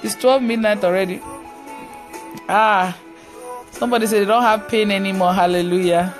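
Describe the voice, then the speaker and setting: A woman leading a live online prayer session who laughs often, exclaims and prays aloud in a relaxed casual way. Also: mid-range voice, normal speed, soft background music. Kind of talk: casual live-stream ministry talk.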